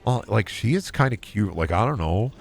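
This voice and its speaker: A young man streaming a game, chatting fast and rambling with goofy jokes, often loud and high when he clowns around. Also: expressive, gravelly, faint music behind. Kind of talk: casual gaming stream chat.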